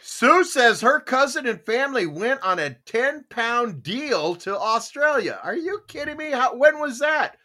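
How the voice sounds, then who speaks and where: A man hosting a casual live morning show, animated and laughing often as he reads out viewer comments. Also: very high voice, a little slow, few pauses. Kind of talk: casual live-stream chat.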